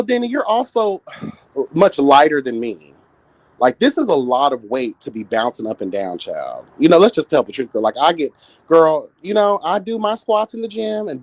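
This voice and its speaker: A man in his late thirties hosting a livestream, chatting with viewers in a sassy, campy, animated way. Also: a little high, dry recording. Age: 30s. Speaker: livestream host. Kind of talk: casual chat with viewers.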